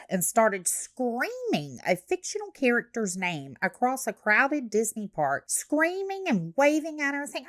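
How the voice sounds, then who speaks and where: A woman's voice: fairly high pitch, very animated, a little slow, few pauses, fairly bright tone, no room sound, clean studio sound. A young woman giving blunt, sarcastic reaction commentary, swearing freely. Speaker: commentary host.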